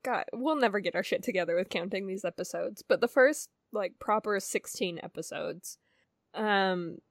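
A woman's voice: medium pitch, no echo, clean studio sound. A woman co-hosting a podcast in casual chat, wry and laughing often. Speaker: podcast co-host.

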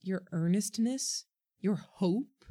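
A woman voicing a gentle, earnest boy who speaks firmly and thoughtfully in a storybook reading. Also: mid-range voice, takes it slowly. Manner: gentle but firm, earnest.

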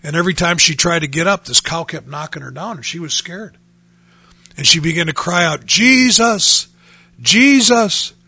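A man's voice: fairly high pitch, a little fast, vocal fry, pushed and bright, breathy edge, dry recording. A middle-aged man preaching on a radio show, earnestly quoting scripture in old-fashioned wording. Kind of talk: radio sermon.

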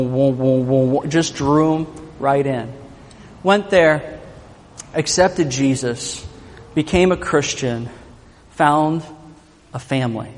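Animated male pastor, fairly high voice. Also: long reverb tail. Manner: animated, joking storyteller. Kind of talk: sermon.

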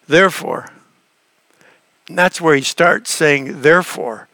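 A man's voice: a little high, measured pace, long pauses, sharp tone, no room sound. A man preaching a sermon, earnest and emphatic, asking the listeners questions and often restarting his phrases. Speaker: pastor.

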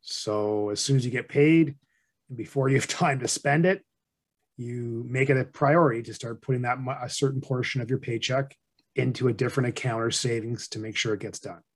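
Man, middle-aged, financial advisor, monotone, plain-spoken, casual podcast chat. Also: medium pitch, a little fast.

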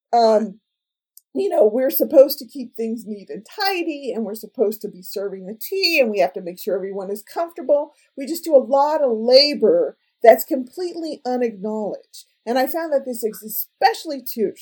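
A woman astrophysicist, a guest on a podcast interview, who talks in an animated, emphatic way and laughs often. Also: a little high, husky. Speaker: senior scientist.

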